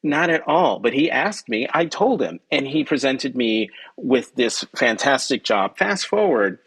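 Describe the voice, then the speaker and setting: This man speaks unhurriedly with a slightly rough voice, and the recording itself is rough. He's a journalist who is a guest on a podcast, sharing a personal story in conversation. Lively in manner, he voices quoted dialogue with jumps in pitch and fills his talk with ums and self-corrections.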